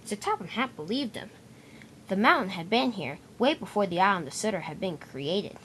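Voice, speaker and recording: A woman's voice: mid-range voice, animated, moderate pace, fairly bright tone, slight background noise. A woman narrating an improvised toy-train story, restarting words as she goes.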